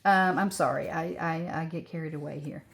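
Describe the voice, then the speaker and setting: A woman's voice: low voice, fairly even intonation, moderate pace, vocal fry, slight background noise. A woman of sixty chatting casually as she crafts at home, rambling and upbeat. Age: 60s. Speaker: crafting vlogger.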